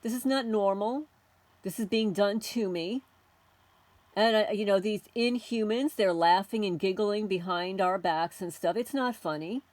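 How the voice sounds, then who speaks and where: A woman's voice: mid-range voice, a little slow, darkish tone, dry recording. Indignant middle-aged woman ranting, dry sound. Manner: indignant, confrontational, repeatedly addressing unseen tormentors. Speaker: homesteading channel host. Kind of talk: ranting monologue to camera.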